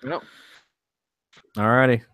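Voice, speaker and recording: Laid-back man with a bright voice. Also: mid-range voice, slow, no echo, studio quality. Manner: laid-back, profane, laughs often. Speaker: podcast co-host. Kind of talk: casual chat.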